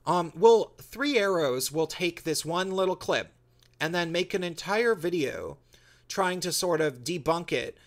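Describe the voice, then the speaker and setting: A man's voice: fairly high pitch, lively intonation, measured pace. A man talking straight to his channel's viewers in a loose, rambling monologue, often restarting his sentences. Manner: rambling, many restarts and fillers. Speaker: YouTuber.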